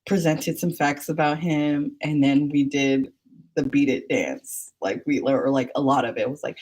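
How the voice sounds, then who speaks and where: A woman's voice: low voice, fairly even intonation, a little slow, a little mellow. A woman telling stories in casual chat, rambling and chatty with many fillers.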